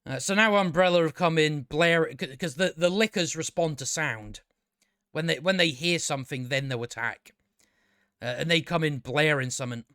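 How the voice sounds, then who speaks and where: A man's voice: on the high side, normal speed, fairly bright tone, dry recording, clean studio sound. A man giving a casual, exasperated review, swearing freely and restarting his sentences with stammers. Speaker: show reviewer. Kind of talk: casual ranting review commentary.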